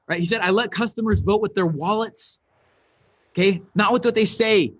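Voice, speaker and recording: A man with a high, light voice gives an animated business talk from a stage. The sound is dry and close, with little room around it, and he rises to near shouts on his key points. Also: moderate pace, dry recording. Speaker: speaker.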